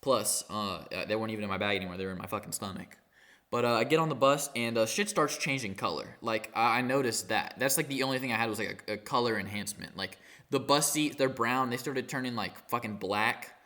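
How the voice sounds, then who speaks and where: A teenage boy rambling through a storytime vlog while high, halting and full of fillers and swearing. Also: pushed and bright. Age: teens. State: high on cannabis. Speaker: vlogger.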